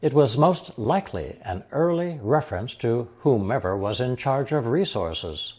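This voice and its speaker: A man's voice: mid-range voice, darkish tone, breathy edge. A man narrating a recorded Chinese lesson, reading example sentences and then translating each into English. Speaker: language teacher.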